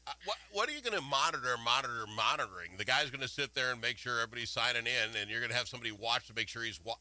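A man hosting a casual political talk radio show, animated and indignant, swinging between loud outbursts and quiet asides. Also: medium pitch, rapid-fire, a little hiss or hum, low-quality recording. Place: Minnesota.

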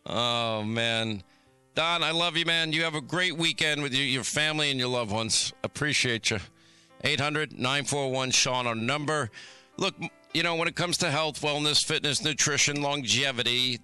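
A man hosting a call-in radio talk show, talking quickly with stammering restarts. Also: mid-range voice, sharp tone, smooth, dry recording. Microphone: studio microphone.

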